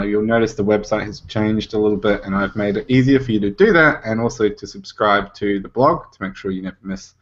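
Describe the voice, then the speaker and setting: A man hosting a podcast, wrapping up the show in a relaxed, informal way. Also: fairly low pitch, muffled recording. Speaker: podcast host. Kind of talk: casual show wrap-up.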